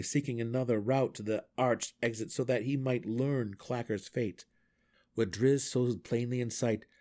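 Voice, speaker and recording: A man reading a fantasy novel aloud in steady, measured storytelling. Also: lowish voice. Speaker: audiobook reader. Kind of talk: fan audiobook narration.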